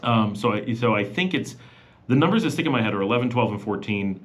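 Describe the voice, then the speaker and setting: A man's voice: fairly low pitch, animated, fast talker. A middle-aged man chatting casually on a live Q&A stream, rambling with many fillers and restarts. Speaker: vlogger hosting a live Q&A.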